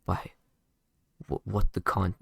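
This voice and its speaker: A man's voice: slow pace, fairly bright tone, no echo, clean studio sound. A man casually improvising a fan story, rambling with lots of fillers and restarts.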